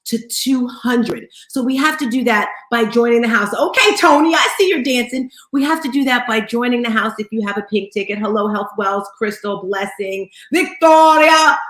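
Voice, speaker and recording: An upbeat woman hosts a live audio chat room and welcomes listeners one by one. Her voice sits a little high. The sound carries a roomy echo. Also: normal speed, hardly any pauses, fairly bright tone. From Bermudian family. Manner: upbeat, greeting listeners by name. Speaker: host.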